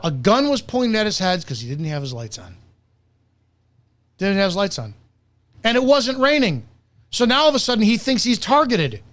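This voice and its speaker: A man's voice: high-pitched, a bit bright. Heated, profane male commentator. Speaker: commentator and host. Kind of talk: reaction commentary.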